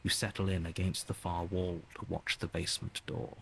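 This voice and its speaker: An actor voicing a calm male narrator in a video game, speaking in measured second-person narration. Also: low voice, gravelly, a little hiss or hum.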